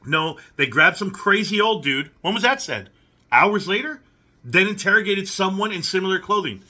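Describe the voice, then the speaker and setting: Sarcastic man with a sharp, bright voice. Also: high voice, lively intonation, moderate pace. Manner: sarcastic, incredulous, questioning. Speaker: commentary channel host. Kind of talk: reaction commentary reading messages aloud.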